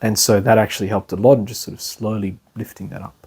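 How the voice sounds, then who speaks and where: Speaking fast in a fairly low, steady, slightly rough and mellow voice, this young man teaches a meditation class. His lecture is casual and meandering, packed with asides, laughter, and repeated "you know."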